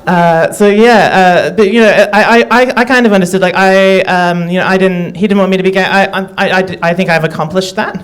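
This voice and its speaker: Halting, self-deprecating stand-up woman. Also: medium pitch. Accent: Australian. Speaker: stand-up comedian. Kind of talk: stand-up comedy set.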